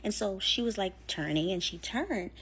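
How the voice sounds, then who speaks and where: A woman's voice: medium pitch, expressive, normal speed, fairly bright tone, slight background noise. Chatty woman telling a scary story. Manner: chatty, filler-heavy, acts out quotes. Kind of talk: casual storytime narration.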